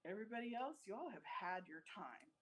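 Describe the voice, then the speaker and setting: A woman's voice: mid-range voice, big pitch swings, a little fast, slight background noise, low-quality recording. A woman giving a talk to a live audience, speaking bluntly with jokes and often asking "right?". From United States. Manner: direct, blunt and joking, keeps checking in with "right?". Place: event room with a live audience.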